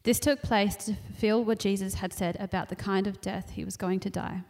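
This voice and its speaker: A woman reading scripture aloud in a steady, measured way. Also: mid-range voice, creaky. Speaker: scripture reader.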